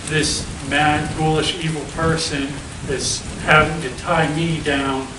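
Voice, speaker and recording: A man's voice: a little high, flat delivery, slow pace. A man hosting a casual interview, rambling and often checking in with "right?". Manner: rambling, keeps asking "right?". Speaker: interviewer host. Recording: echoey room, far from the mic, noisy.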